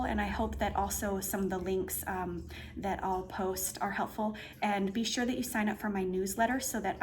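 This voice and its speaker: A woman's voice: medium pitch, slight background noise. A woman giving a casual, meandering tarot reading indoors, full of fillers and restarts as she explains the cards. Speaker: tarot reader. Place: indoor room with a painting behind her.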